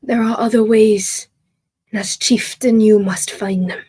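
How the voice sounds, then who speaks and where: A woman voicing a small, solemn old male tribal chief who speaks in slow, hushed pronouncements. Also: mid-range voice, fairly even intonation, husky.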